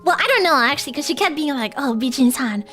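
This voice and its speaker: A woman's voice: high voice, animated, racing, sharp tone, soft background music. A woman streamer telling a story in a casual livestream chat, rambling and giggly, with lots of fillers.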